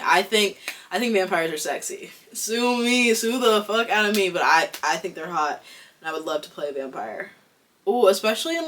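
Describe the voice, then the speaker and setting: A young adult woman from Boston with a Boston accent, talking casually to camera as an actor vlogger, chatty and candid with lots of "like". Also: fairly low pitch. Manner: chatty, fills with "like", candid and excitable.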